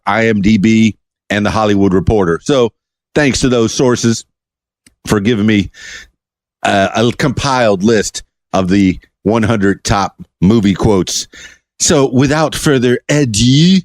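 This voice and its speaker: A man hosting his own podcast alone, talking in a chatty, jokey, animated way. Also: fairly low pitch, dry recording. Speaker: podcast host. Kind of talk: solo podcast monologue.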